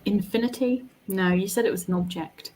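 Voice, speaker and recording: British woman guest, chatty, mid pitch, quick laughs, slight background noise. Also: darkish tone. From Britain. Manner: quick, laughing, thinking aloud. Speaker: guest guessing riddles. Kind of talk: casual chat.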